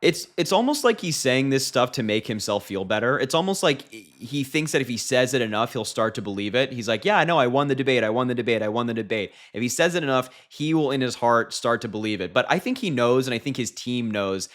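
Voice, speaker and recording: A man at a middle pitch runs through political commentary in a sarcastic, incredulous tone. He mocks what he has just heard and keeps his delivery quick and pointed. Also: animated, fairly bright tone.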